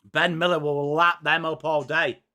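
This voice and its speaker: A man hosting a live football watchalong, reacting excitedly and chatting with viewers by name. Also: a little high, a little slow, clean tone. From England. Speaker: live-stream watchalong host. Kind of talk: live sports reaction and chat.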